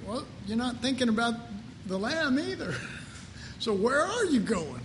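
Brief: high-voiced male preacher, casual joking sermon, faint hum behind. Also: very animated, a little slow, fairly bright tone. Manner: conversational, joking, rhetorical questions. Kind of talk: informal sermon to a live congregation.

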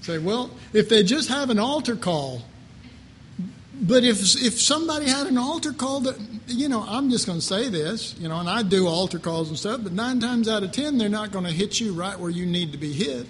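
A man's voice: high-pitched, brisk, slight background noise. A man preaching an informal sermon to a live congregation, conversational and joking, full of rhetorical questions.

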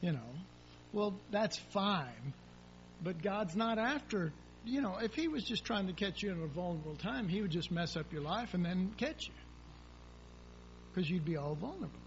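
A man's voice: high-pitched, lively intonation, moderate pace. A man preaching a sermon in a folksy, rambling way, acting out prayers and asking the congregation questions. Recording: dull lo-fi sound with faint hum.

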